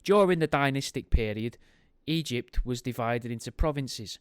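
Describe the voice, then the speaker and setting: A man's voice: mid-range voice, animated, moderate pace, clean tone, no room sound, clean studio sound. A man hosting a podcast, reading a history book aloud and breaking off into wry, joking tangents. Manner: wry, goes off on tangents, makes jokey asides while reading. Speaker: podcast host.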